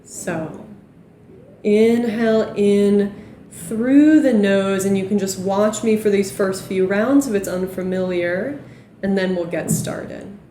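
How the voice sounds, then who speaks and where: Calm woman guiding a yoga class. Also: medium pitch, a little slow, reverberant, slight background noise. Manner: calm, gentle cueing of breath and movement. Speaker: yoga instructor. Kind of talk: guided yoga class instruction.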